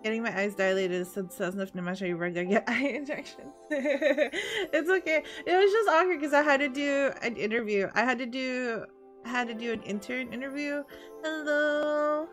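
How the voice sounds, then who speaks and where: A woman's voice: high voice, normal speed, faint music behind. Chatty young woman streaming a game. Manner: chatty, laughs often, greets chat. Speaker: VTuber streamer. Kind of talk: casual game-stream chat.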